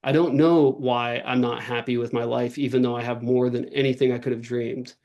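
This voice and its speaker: A man's voice: mid-range voice, little pitch movement, moderate pace, darkish tone, highs cut off. Earnest man talking in long runs. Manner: earnest, talks in long runs with many fillers and restarts. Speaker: podcast guest, author and workshop leader. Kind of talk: casual interview talk.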